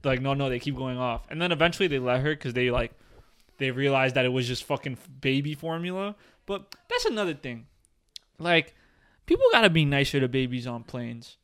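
A young man in his early twenties co-hosts a casual podcast, telling stories with lots of energy and cursing freely. His voice is smooth and clear, at an ordinary middle pitch for a man. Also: brisk, no echo. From New Jersey. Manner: animated storytelling, swears freely, restarts words. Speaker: podcast co-host. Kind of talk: casual chat.

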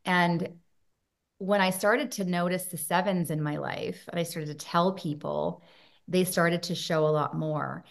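A woman talking earnestly in an interview, telling personal stories with animated moments. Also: lowish voice, unhurried, creaky. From Canada. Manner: earnest storytelling, animated when recounting signs. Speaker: guest.

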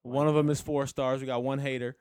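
A man's voice: mid-range voice, flat delivery, a little fast, a little mellow, clean tone, no echo, studio quality. Laid-back young male podcast co-host. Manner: laid-back, rambling, laughs easily. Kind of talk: casual chat.

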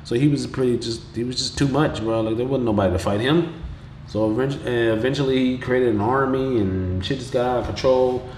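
A man's voice: medium pitch, a little fast, slight background noise. Slangy man recapping in an echoey room. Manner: slangy, profane, animated retelling with quoted voices. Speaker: podcast host. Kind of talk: casual episode recap. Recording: roomy echo with faint background ambience.

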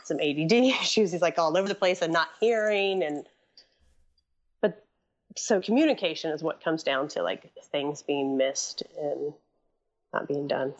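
A woman's voice: low voice, moderate pace, lo-fi sound. A woman guest, a photographer's assistant, chatting casually with many "like" fillers. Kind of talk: casual interview chat.

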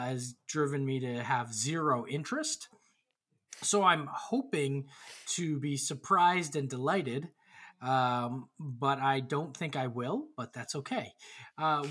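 A man's voice: mid-range voice, fairly bright tone. A man hosting a casual group chat, rambling with lots of fillers. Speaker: podcast host.

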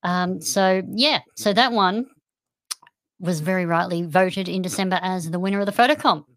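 A woman's voice: fairly low pitch, normal speed, a bit bright, no room sound. An Australian woman hosting a podcast livestream in a chatty, upbeat way, often giggling. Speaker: podcast host. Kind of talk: casual livestream chat.

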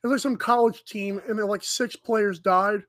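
Male sports-show host, high voice, casual and filler-heavy, dry podcast sound. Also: fairly even intonation, moderate pace, fairly bright tone, no echo.

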